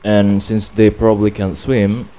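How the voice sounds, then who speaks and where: A man's voice: on the low side, completely flat delivery, a little slow, warm tone, clean tone. A man commentating his gameplay casually, playfully polite and chatting to the characters. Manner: chivalrous, playfully polite, talks to game characters. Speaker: gameplay streamer. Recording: voice over game music.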